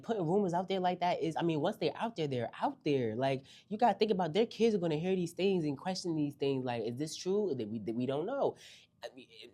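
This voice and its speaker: A young woman with a very low voice recaps a reality TV episode at a quick clip. Her delivery is sassy and animated, and she jumps high in pitch for emphasis. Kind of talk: casual recap commentary.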